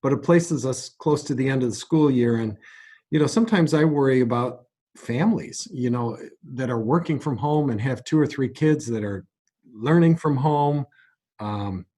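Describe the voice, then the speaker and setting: A man answering interview questions as a guest, in a measured, earnest way with some stumbles. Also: mid-range voice, dark tone, husky. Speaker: guest, music company president.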